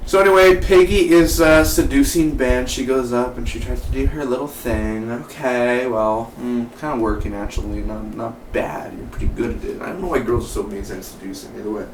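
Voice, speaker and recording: An excitable man rambles through a TV episode review, tripping over his words and restarting. He sits a little back from the mic in an echoey room with a faint hiss behind. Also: medium pitch, brisk, hardly any pauses, far from the mic. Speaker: TV show reviewer. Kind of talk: casual enthusiastic review.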